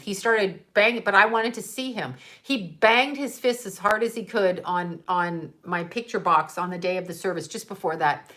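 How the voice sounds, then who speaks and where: A woman's voice: medium pitch, fairly even intonation, normal speed, hardly any pauses, fairly bright tone. Woman, middle-aged, psychic medium, casual chat, blunt and profane, frequent laughter. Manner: candid, profane, laughs often. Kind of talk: casual livestream chat with viewers.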